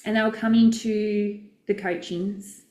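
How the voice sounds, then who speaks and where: A woman's voice: mid-range voice, level tone, a little slow, darkish tone, reverberant, dull audio. A woman, a business coach, chatting casually and effusively with viewers during a live session, rambling and correcting herself as she goes.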